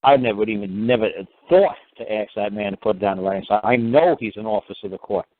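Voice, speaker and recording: A man's voice: lowish voice, quick pace. A man hosting a call-in show, blunt, profane and lecturing as he answers callers. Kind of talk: call-in radio talk. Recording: dry, tinny phone-line sound.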